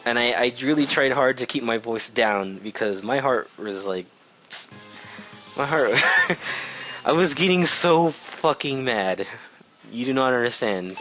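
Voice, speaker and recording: A man's voice: mid-range voice, lively intonation, a little slow, bright, forceful tone, faint music behind, low-quality recording. A young man who works in retail, telling a casual storytime rant in an exasperated way and swearing freely. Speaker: retail worker.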